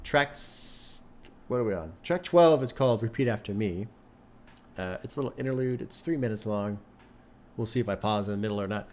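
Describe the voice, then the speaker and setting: A man's voice: fairly low pitch, brisk, darkish tone, slight background noise. An older man hosting an album reaction, thinking aloud in a loose, conversational way and swearing casually. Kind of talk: casual music reaction commentary. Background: music playing faintly.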